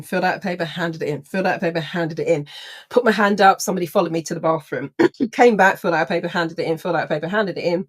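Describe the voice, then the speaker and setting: A woman's voice: fairly low pitch, very fast, husky. A woman, a personal development trainer telling a story to an audience, acting out the voices of people in it. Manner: animated, acts out voices of people in her story.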